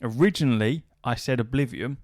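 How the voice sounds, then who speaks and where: A man's voice: medium pitch, a little fast, a little mellow, no room sound, studio quality. Man swearing through a casual story. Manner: swears freely, relays a story with quoted back-and-forth dialogue. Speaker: podcast host.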